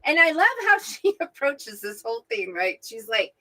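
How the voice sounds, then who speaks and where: A middle-aged woman co-hosts a casual Bible discussion, telling the story in a high, bright voice. Her pitch swings widely as she animates each scene. She keeps checking in with "right?" as she goes. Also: big pitch swings, moderate pace, low-quality recording. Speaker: co-host, mother of the other host. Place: at home, remote from her co-host.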